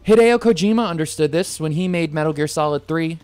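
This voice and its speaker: A man streaming a video game, chatting in animated, jokey and rambling commentary into a desk microphone. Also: a little high, brisk, smooth. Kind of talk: let's play commentary. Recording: game music behind.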